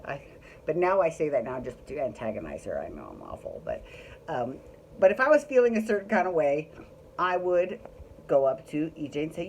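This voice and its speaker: A woman's voice: extremely low pitch, sing-song, a little fast, darkish tone, a little hiss or hum, poor audio. A woman recapping a reality show in a chatty, opinionated way, swearing freely. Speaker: recap vlogger.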